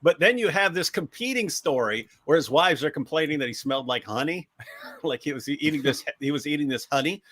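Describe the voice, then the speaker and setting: A man hosting a critical commentary talk, animated and sarcastic, acting out the people he quotes. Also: medium pitch.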